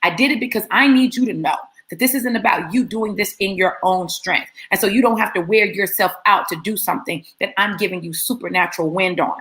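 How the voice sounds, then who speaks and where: A woman voicing a calm, loving God who speaks firmly and reassuringly to his daughter. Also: mid-range voice, a little fast, few pauses, lightly acted. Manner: firm, reassuring, quietly spoken.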